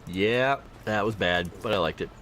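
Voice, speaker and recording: A man's voice: fairly low pitch, moderate pace, a bit bright, slight background noise. A man streaming a video game, chatting casually with viewers, reading out loot and skill text and teasing his chat. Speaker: livestreamer. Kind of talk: casual gameplay commentary.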